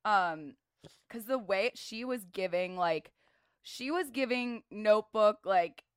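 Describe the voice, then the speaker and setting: A woman's voice: mid-range voice, lively intonation, slow pace, clean tone, dry recording, studio quality. A young woman co-hosting a podcast, talking casually and emphatically with loose slang. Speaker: podcast co-host. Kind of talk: casual recap chat.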